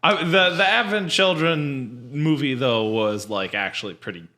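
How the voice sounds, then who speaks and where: A man co-hosting a casual podcast with a bright, forceful voice. His pitch swings around a lot as he eagerly jumps in with comments. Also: animated, measured pace. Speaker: podcast co-host. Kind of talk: casual chat.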